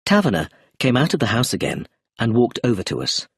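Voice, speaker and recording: A man reading a novel aloud as narration for English learners, clear and measured. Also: medium pitch, huge pitch swings, dry recording, clean studio sound. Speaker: audiobook narrator.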